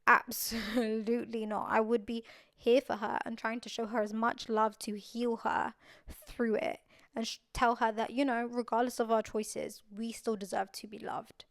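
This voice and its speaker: A woman's voice: a little high, flat delivery, unhurried, creaky, fairly bright tone, no room sound, studio quality. A young adult woman hosting her own podcast, talking earnestly and repeating phrases for emphasis. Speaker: podcast host. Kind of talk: casual solo podcast talk.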